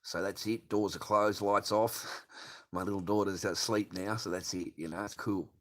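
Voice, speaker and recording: A man's voice: on the low side, fairly even intonation, moderate pace, a bit bright. An older man hosting a late-night livestream, ranting crudely and swearing constantly. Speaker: livestream host.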